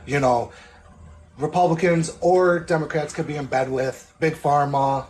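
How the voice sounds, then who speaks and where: A man's voice: fairly high pitch, fairly even intonation, a little slow, a little mellow, a little hiss or hum. A sleepy man calling in after a night shift, pressing the host with leading questions. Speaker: caller.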